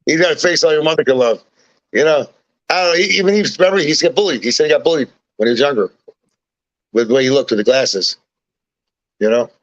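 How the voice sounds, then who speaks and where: Man, guest, fairly high voice, swears his way through rowdy stories, lo-fi recording. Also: quick pace, pauses often. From Chicago, USA. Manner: profane, animated anecdote-telling. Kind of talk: casual storytelling. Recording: dull lo-fi recording.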